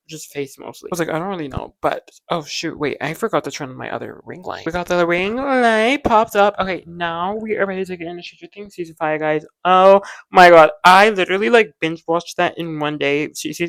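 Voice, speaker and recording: A woman's voice: on the low side, fairly bright tone, dry recording, low-quality recording. Young female vlogger, dramatic and chatty, many fillers, dead-dry home recording. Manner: gushing, dramatic, full of "like" fillers. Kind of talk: casual chatty pop-culture vlog. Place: home room with ring light. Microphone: close camera mic.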